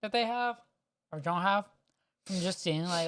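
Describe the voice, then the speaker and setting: A man co-hosting a laid-back podcast, talking with lively energy. He acts out little scenes in quick quoted voices and swears casually as he goes. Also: sits high, clear, resonant tone. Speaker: podcast co-host. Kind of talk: casual chat.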